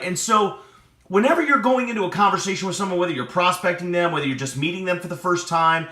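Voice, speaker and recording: A man teaching a lesson on building rapport, animated, often checking with "right?". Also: sits high. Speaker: sales and relationship coach. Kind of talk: teaching talk to camera. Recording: echoey room.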